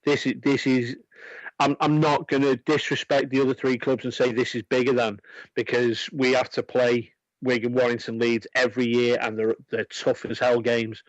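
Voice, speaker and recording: On a sports radio show, a male co-host with a medium-pitched voice speaks at normal speed in a flat delivery, earnestly arguing his point with many stammering restarts. It's casual sports chat from a radio studio, with no room sound and the highs cut off.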